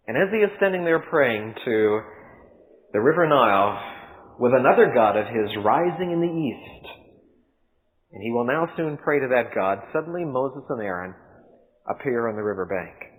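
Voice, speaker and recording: Animated older male sermon storyteller. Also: fairly high pitch, poor audio. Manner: animated, vivid retelling with shifting loudness. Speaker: preacher and storyteller.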